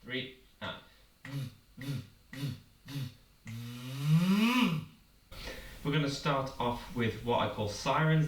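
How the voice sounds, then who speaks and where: A man leads a vocal warm-up in a patient, encouraging way, his voice sitting a little low. He is recorded from some distance in a roomy space, with faint ambience behind him. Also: slight background noise. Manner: patient, encouraging instruction with demonstrations. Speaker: vocal coach. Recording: roomy, from far off the mic.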